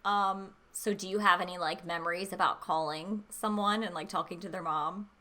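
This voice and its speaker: A woman in her thirties with a bright, forceful voice that sits a little low. She co-hosts a casual stream and tells rambling, swear-laced stories, with "like" in every line. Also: fairly even intonation, moderate pace. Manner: loose storytelling, swears freely, lots of "like". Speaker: streamer co-host. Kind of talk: casual chat.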